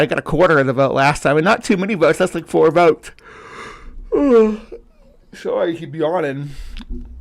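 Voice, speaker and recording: A man's voice: fairly high pitch, creaky. A man hosting a casual livestream, rambling with lots of fillers and restarts. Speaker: host.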